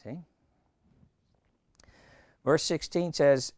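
A man preaching a sermon as pastor, swinging between loud emphasis and quiet asides. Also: fairly low pitch, unhurried, vocal fry, no echo, clean studio sound.

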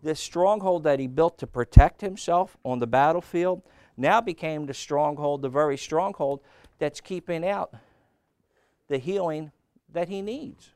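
Male preacher, gravelly, dry close sound, asks the room questions and swings from loud to soft. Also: fairly high pitch, measured pace, dry recording. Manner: asks the congregation questions, rising and dropping his voice. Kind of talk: sermon.

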